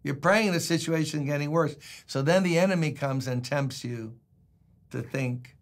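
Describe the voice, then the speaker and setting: A man's voice: fairly high pitch, normal speed. An older man, a pastor, giving a conversational devotional sermon, telling folksy stories and reading scripture aloud.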